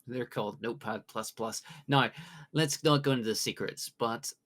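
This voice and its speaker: A man from the UK runs a light-hearted podcast quiz. His voice sits at an ordinary middle pitch, and he reads out each option slowly with playful pauses. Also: fairly bright tone, a little hiss or hum. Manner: jokey, reads questions with drawn-out pauses. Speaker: quiz host. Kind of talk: casual podcast quiz hosting.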